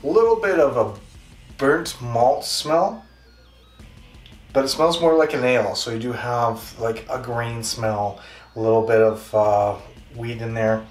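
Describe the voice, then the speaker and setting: Speaking a little slowly at a medium pitch, this beer reviewer from Western Canada hosts his casual show with a Canadian accent and a rambling, chatty, self-mocking manner. Faint music plays in an echoey room, picked up by a distant microphone.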